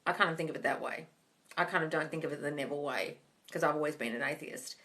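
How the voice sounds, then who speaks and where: A woman's voice: sits low, fast, fairly bright tone. A woman hosting a live-stream Q&A as a manifesting coach, reading viewer comments aloud and replying bluntly, calling everyone darling. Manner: blunt, swears casually. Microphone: phone.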